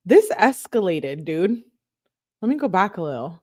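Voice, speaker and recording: On her true crime channel, a fairly low-pitched woman chats sarcastically at normal speed, laughing a lot as she reads text messages aloud and voices the quotes flatly. The recording is dry and close-miked.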